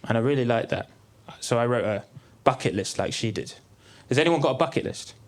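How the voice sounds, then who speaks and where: A young man doing a stand-up comedy set on a theatre stage, deadpan and dry, with the odd high exclaimed punchline. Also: brisk. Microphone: stage mic. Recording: live theatre with crowd laughter. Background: audience laughing.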